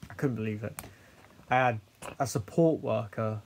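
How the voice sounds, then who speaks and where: A young man telling a personal story in a candid, halting way, with many fillers and some swearing. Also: fairly low pitch, a little hiss or hum. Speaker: host sharing his story.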